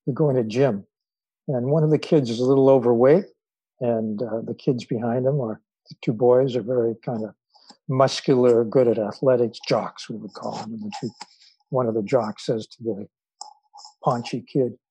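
Husky-voiced man telling stories. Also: mid-range voice, steady tone, warm tone, no room sound, poor audio. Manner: measured, with frequent fillers. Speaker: author and guest. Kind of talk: storytelling in an interview.

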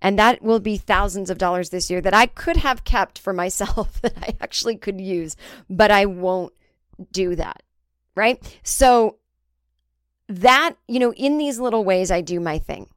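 A woman's voice: mid-range voice, a little slow, clean tone, no room sound, studio quality. A woman comedian hosting her own podcast, talking in a candid, rambling and sometimes profane casual monologue. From United States.

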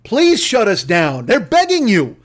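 A male podcast host unleashes a profane comedic rant, angry, sarcastic and full of swearing. His voice sits high and swoops wildly in pitch, yet he takes his time.

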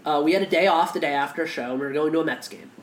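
Speaking very fast in a voice on the high side, a man co-hosts a laid-back podcast chat. He's impassioned and profane, often starting over mid-sentence, and the room is echoey.

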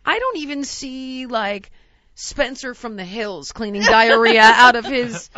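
A woman's voice: a little high, expressive, a little slow, lo-fi sound, crowd noise. A woman in her forties telling a comic story about her own life, acting out the people in it with self-mocking animation. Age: 40s. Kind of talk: comedic storytelling.

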